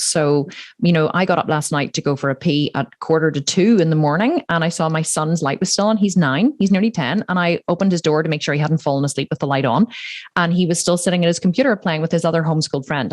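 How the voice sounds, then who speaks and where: Blunt, fast-talking woman podcast host. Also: on the low side, darkish tone, no echo, clean studio sound. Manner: blunt, swears freely, ranting. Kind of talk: casual interview chat.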